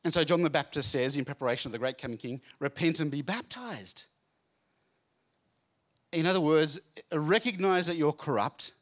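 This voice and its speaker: An animated man gives a chatty Bible talk to a room full of listeners. His voice sits a little high for a man. He is jokey and playful, acting out the scenes as he goes. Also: quick pace, few pauses. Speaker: speaker at a student Bible training night. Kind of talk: lively Bible talk to a live group. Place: room with a live audience.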